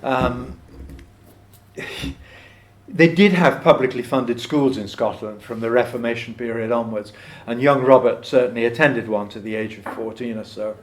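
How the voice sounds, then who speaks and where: A man's voice: medium pitch, normal speed. A man speaking at a folk club, explaining a poet's life with dry, joking asides and reciting a poem aloud. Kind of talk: talk with poetry recitation to a live audience.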